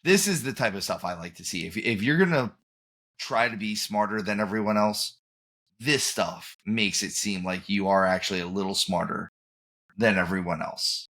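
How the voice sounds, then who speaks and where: A man's voice: on the low side, moderate pace, fairly bright tone. A man hosting a podcast in casual chat, rambling and often trailing off and restarting mid-thought. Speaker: podcast host.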